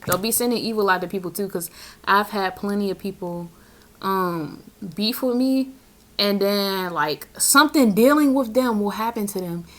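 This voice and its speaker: A woman's voice: medium pitch, moderate pace, a bit bright, slight background noise. A young woman, a tarot reader, talking casually and bluntly in a spiritual vlog, with slang and frequent laughs. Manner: blunt, slangy, laughs often between points.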